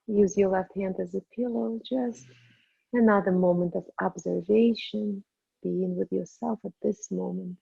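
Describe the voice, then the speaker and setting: A woman yoga teacher guiding the end of an online class with soft, slow instructions. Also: mid-range voice, steady tone, creaky, husky, dry recording, dull audio. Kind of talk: guided yoga cool-down.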